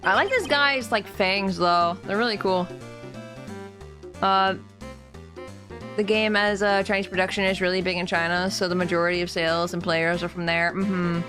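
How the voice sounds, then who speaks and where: A woman's voice: lowish voice, fairly even intonation, normal speed, music in the background. A young woman streamer chatting casually and giggling as she plays a game and reads chat aloud.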